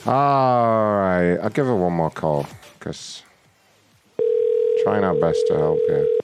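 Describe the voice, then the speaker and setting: A man's voice: low voice, takes it slowly, music in the background. A man hosting a prank call show, brash and profane in casual banter. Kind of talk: casual chat and prank calls.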